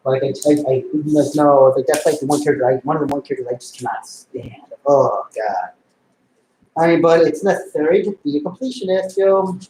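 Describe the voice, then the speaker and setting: A man's voice: fairly high pitch, quick pace, few pauses, warm tone. Man, casual rambling rant, profane, roomy echo, faint background noise. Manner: rambling, profane, filler-heavy ranting. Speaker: comic collector vlogger. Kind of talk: casual rant while bagging comics.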